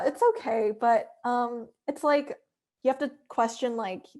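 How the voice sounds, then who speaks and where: A young woman, an interview guest, talking reflectively and at length with many fillers, losing her voice and clearing her throat. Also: mid-range voice, a little mellow. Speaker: interview guest, animation director. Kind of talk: casual interview.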